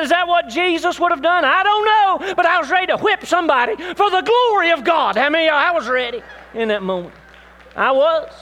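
Bright, high-voiced preacher, older man. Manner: preaching with rising, emphatic calls to the church. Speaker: pastor. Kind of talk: sermon.

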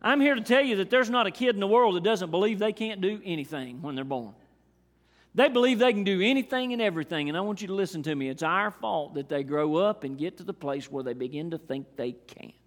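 A middle-aged man preaching a sermon. He swings between hushed, drawn-out phrases and shouted, repeated lines. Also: high-pitched, lively intonation. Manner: dramatic swings from hushed to shouted, repetitive emphatic delivery. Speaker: pastor. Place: church sanctuary. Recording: long reverb of a church hall.

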